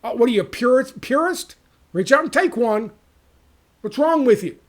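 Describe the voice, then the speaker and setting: A man's voice: high-pitched, animated, quick pace, pitched above the performer's own voice. A man voicing a mocking nag who badgers someone to pick the lesser evil, in a sneering, needling tone.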